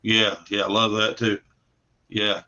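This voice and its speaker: A lower-pitched man with a bright, forceful tone talks casually about making comics. He rambles easily and repeats his words. The sound is muffled and lo-fi, like stream audio. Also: monotone, measured pace. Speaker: comic creator and guest. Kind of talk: casual livestream interview.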